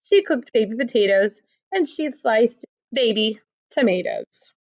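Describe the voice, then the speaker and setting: Slow, expressive woman reading a storybook. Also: a little high, dull audio. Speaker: storybook reader. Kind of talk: children's read-aloud.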